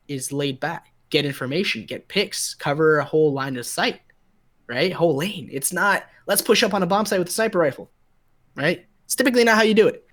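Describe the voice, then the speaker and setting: A young man casting a mobile esports match live, chatty and relaxed, greeting viewers in the chat. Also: fairly high pitch. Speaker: esports caster.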